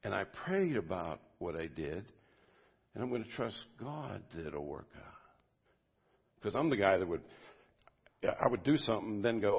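Male pastor, husky mid-pitched voice, informal sermon at a church service, dull lo-fi recording. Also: very animated, unhurried, long pauses. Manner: conversational, swinging from loud bursts to quiet asides. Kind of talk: informal sermon to a men's group.

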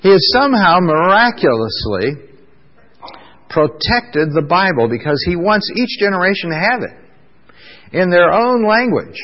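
A man's voice: high-pitched, big pitch swings. Preacher man in a reverberant church hall. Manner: conversational, fills pauses with "uh", asks the congregation questions. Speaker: pastor. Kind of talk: sermon. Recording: dull lo-fi sound with long hall reverb.

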